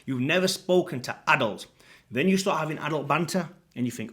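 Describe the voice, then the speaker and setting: A UK fitness coach in his late thirties talks casually to camera at a fairly quick clip. He's blunt and sweary, with lively swings in pitch and loudness.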